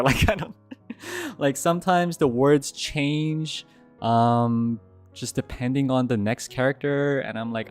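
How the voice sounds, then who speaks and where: A man's voice: a little slow, soft background music. A young man streaming a casual Q&A, telling stories animatedly and answering questions. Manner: animated storytelling, jumps to high yelps when recounting fear. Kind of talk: casual Q&A livestream chat.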